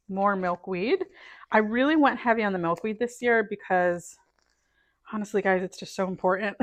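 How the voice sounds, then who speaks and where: Indoors at home, a gardening vlogger in middle age talks casually as she plants seeds, musing aloud and murmuring while sorting packets. She speaks at a medium pitch, and there's no room sound.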